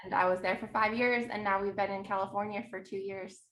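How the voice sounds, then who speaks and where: A woman's voice: medium pitch, steady tone, fast, a bit bright, slight background noise. Woman, thirties, casual guest chat, laughs often, echoey room. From New Jersey. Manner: chatty, laughs often, storytelling. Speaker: podcast guest.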